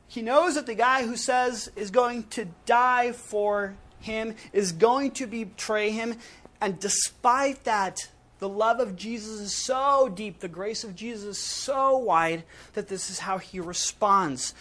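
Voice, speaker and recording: A man preaching a sermon in a casual, emphatic way, with dramatic pauses between short punchy phrases. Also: high voice, a bit bright.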